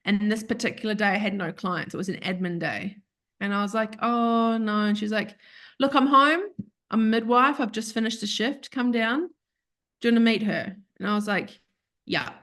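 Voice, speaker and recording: A woman tells a personal story in a casual, animated way. She talks over a video call as an interview guest, slipping into voices for the people she quotes and laughing between lines. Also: medium pitch, normal speed.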